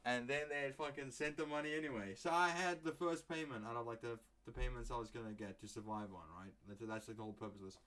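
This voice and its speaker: A man's voice: mid-range voice, fairly even intonation, fast, few pauses, sharp tone. A young man from England rambling through a casual solo podcast, joking and swearing freely as he goes. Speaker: podcast host.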